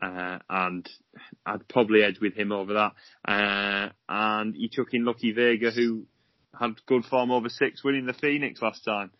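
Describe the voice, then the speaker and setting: A young man co-hosting a racing podcast, chatting in a relaxed way and thinking aloud with fillers. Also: fairly low pitch, normal speed, dry recording, highs cut off. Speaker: racing tipster co-host. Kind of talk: casual racing podcast chat.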